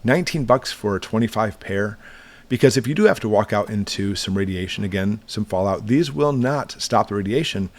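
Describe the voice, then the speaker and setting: Prepping-channel host, man, middle-aged, lowish voice, relaxed and reassuring gear walkthrough. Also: a little fast. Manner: conversational, plain-spoken, reassuring. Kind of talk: casual product walkthrough.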